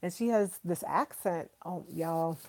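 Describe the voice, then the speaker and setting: A woman's voice: fairly low pitch, measured pace, darkish tone. A woman hosting a casual livestream, chatting enthusiastically with viewers, calling them y'all and repeating herself for emphasis. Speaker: livestream host.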